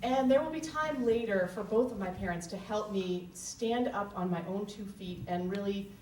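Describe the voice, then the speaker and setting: A woman's voice: mid-range voice, moderate pace, a little mellow, slight background noise. Earnest, candid woman storyteller on a live stage, roomy room, mic at a distance, faint ambience.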